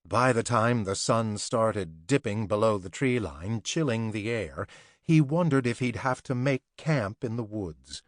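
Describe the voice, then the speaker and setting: Casting: male narrator, measured and unhurried, deep-ish voice, dry close-mic studio sound. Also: no echo. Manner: measured, steady storytelling. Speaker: audiobook narrator. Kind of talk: scripted narration.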